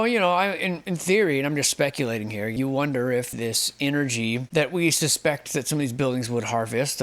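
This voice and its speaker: Male host, sarcastic, casual photo commentary, average pitch. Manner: wry and sarcastic, speculative.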